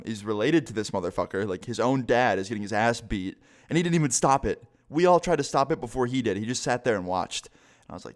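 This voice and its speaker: A young man with a fairly low voice telling a casual story time. He is laid-back and chatty, with lots of "um"s and cursing. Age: young adult. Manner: laid-back, profane, filler-heavy. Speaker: vlogger.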